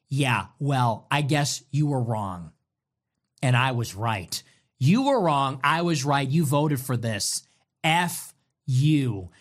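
Man, livestream host, ranting commentary, sarcastic, mocking, slow delivery, very animated pitch. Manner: swings between loud highs and low grumbles.

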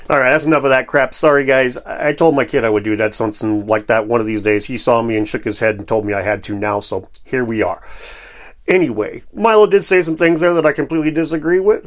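A man hosting his own commentary video in a casual, conversational and self-deprecating way. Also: medium pitch. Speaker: YouTube host.

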